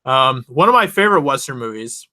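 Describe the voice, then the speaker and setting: A man's voice: mid-range voice, sing-song, brisk, sharp tone. A young man hosting his channel, casually telling a rambling personal story to his viewers and laughing often. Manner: rambling, chatty, laughs often, many restarts. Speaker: channel host.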